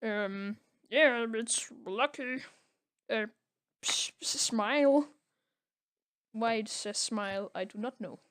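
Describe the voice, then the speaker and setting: A woman's voice: a little high, slow, long pauses, fairly bright tone. A young woman recapping a comic on a casual podcast, rambling with lots of filler words. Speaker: podcast co-host.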